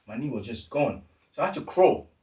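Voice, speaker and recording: A man's voice: mid-range voice, fairly quick. A man on a podcast, telling a story animatedly in casual street slang and acting out what others said. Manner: animated, acts out quoted voices, street slang. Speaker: podcast co-host. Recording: echoey room, distant mic.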